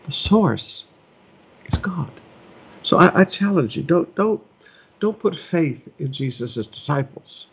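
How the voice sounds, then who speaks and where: A man's voice: a little high, expressive, takes it slowly, gravelly, breathy edge, lo-fi sound. A middle-aged man preaching a sermon as pastor, earnest and conversational with emphatic rises, recorded at home.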